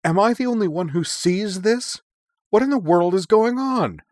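A man voicing a high, sputtering agitated young woman. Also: expressive, moderate pace, darkish tone, no room sound, studio quality, close to an everyday voice. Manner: sputtering, high-pitched outbursts. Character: flustered, agitated young female soldier.

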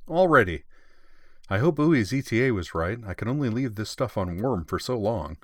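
A man's voice: lowish voice, animated, moderate pace, dry recording, clean studio sound. A man voicing a cheerful, bossy teenage girl who leads a school band, speaking in a brash, teasing way. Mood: brash, upbeat.

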